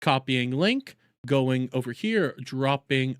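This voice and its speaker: A young man streaming live, reacting to clips and reading chat, excitable, mocking and profane. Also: high-pitched, moderate pace, dry recording, studio quality.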